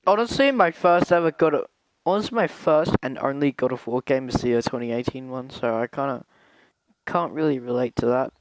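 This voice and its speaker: A man's voice: mid-range voice, brisk, no room sound, rough recording. A young man streaming a game playthrough in casual chat with friends, laughing often, swearing and stumbling over his words. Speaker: gaming streamer.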